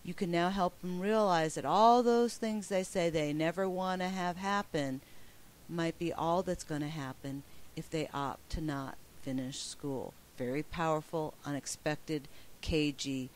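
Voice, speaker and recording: A woman's voice: low voice, a little slow, slight background noise. A woman presenting a teacher training webinar, upbeat and emphatic as she walks through slides. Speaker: professional development trainer.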